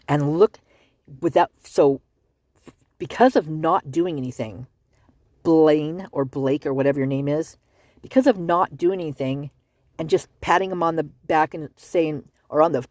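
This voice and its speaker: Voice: medium pitch, a little slow, a little mellow, dry recording. A vlogger giving heated, sarcastic commentary on news stories, ranting and calling people out. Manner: ranting, fired up, sarcastic asides. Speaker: true-crime commentary channel host. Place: at home, with outdoor work nearby.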